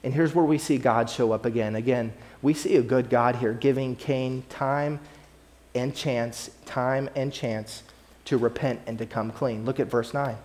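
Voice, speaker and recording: Pastor, man, mid-pitched voice; earnest conversational sermon, repeats key phrases. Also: steady tone, a little slow, darkish tone.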